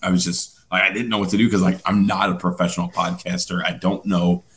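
Deep-voiced man swearing through a story. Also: little pitch movement, fast, fairly bright tone. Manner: rambling storytelling, heavy swearing and fillers. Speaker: podcast co-host. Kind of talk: casual chat.

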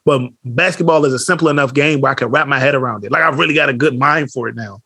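A man co-hosting a podcast in casual chat, telling animated stories full of slang and swearing, acting out what others said. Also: mid-range voice, quick pace, slightly rough, no echo, studio quality. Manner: animated storytelling, acts out quotes, heavy slang and swearing. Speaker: podcast co-host.

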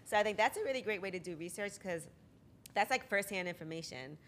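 A woman talks freely as a podcast guest, animated and full of "like". Her voice sits at a middle pitch. A faint low rumble runs under the recording. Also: fast. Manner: chatty, animated storytelling, frequent "like". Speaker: interview guest, media host. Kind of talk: casual podcast chat.

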